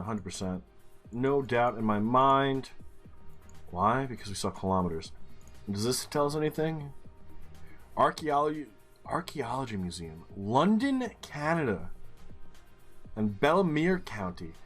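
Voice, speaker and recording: A man giving casual game commentary, thinking aloud as he works through clues, muttering and swearing now and then. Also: medium pitch. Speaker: gaming streamer.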